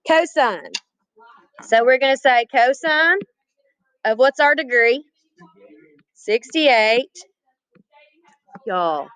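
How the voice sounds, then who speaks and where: Casting: woman math teacher, somewhat high voice, chatty, quizzes the class. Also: animated, extremely slow, long pauses, fairly bright tone, clear, resonant tone, no room sound, rough recording. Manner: chatty, asks the class questions, addresses students as y'all. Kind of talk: classroom lesson.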